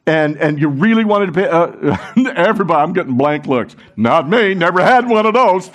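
Male pastor, lively sermon delivery, high voice that swings widely, engages the congregation. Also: moderate pace. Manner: animated, interactive with congregation, acts out quotes.

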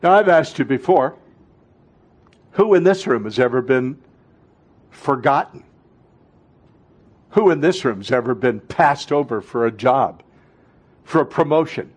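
Impassioned pastor in his sixties, slow-paced. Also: medium pitch, lively intonation, slightly rough. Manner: impassioned, swinging from fervent outbursts to hushed intimacy. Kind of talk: sermon. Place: church before a congregation.

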